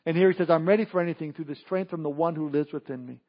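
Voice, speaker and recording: A man's voice: fairly high pitch, fairly even intonation, very fast, muffled recording. A man preaching a sermon as pastor, with emphatic, punchy lines that rise for emphasis.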